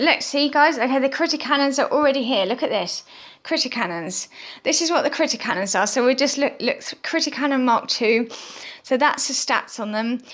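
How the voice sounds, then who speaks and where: A woman with a high-sitting, fairly bright voice hosts a gaming channel, giving chatty commentary on a mobile game. She fills her talk with lots of "ums" and keeps turning to viewers, calling them "guys."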